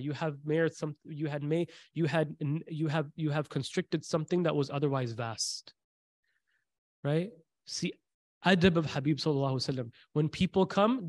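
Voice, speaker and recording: A man giving a Quranic commentary class, preaching in an animated, conversational way and reciting Arabic verses. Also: fairly high pitch, no room sound, clean studio sound. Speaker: religious teacher.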